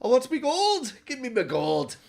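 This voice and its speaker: A man voicing a small, greedy, menacing male leprechaun in a high, squeaky put-on brogue while retelling a horror film. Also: wildly swooping pitch, normal speed, vocal fry, darkish tone, full character voice.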